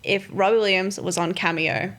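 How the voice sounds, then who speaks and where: A woman's voice: mid-range voice, fairly even intonation, a bit bright. A young woman co-hosting a podcast, trading jokey asides in casual chat. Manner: jokey banter with quick asides. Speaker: podcast co-host.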